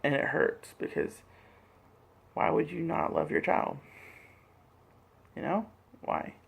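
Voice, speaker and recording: A man speaking in a halting, earnest personal vlog monologue, repeating words and swearing as he makes his point. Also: a little high, huge pitch swings, creaky, husky. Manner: earnest, impassioned. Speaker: vlogger.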